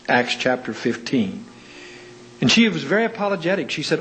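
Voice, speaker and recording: A man's voice: animated, moderate pace, low-quality recording. A man preaching a sermon, asking rhetorical questions and telling anecdotes with dry humor. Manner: rhetorical questions with wide pitch swings.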